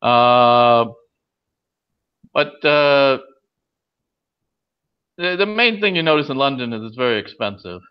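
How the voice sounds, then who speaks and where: Male guest, casual storyteller, halting with fillers, dull lo-fi recording. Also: mid-range voice, expressive, smooth. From California. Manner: hesitant, many uh fillers and restarts. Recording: dull lo-fi audio.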